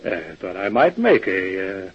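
An actor playing a folksy small-town businessman who talks in a slow, hesitant drawl in a vintage radio drama. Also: sits low, very animated, breathy edge, exaggerated voice. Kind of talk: 1940s radio acting. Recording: dull old radio recording.

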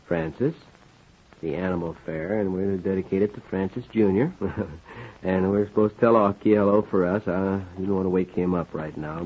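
A man hosting a radio record show, reading listener requests and ad copy in an easygoing, rambling way. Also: fairly low pitch. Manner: easygoing, rambling, talks in circles. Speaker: radio disc jockey. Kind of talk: folksy radio announcing. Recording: dull lo-fi 1940s radio recording.

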